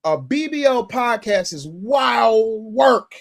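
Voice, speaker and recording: A man hosting a commentary show who reacts to clips in an animated, mocking way, with loud bursts and stammered restarts. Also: extremely high pitch, slow, gravelly. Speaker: show host.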